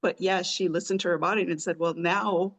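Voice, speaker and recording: A woman's voice: fairly low pitch, steady tone, fairly quick. A woman hosting a podcast in a conversational interview, asking long, winding questions. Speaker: podcast host.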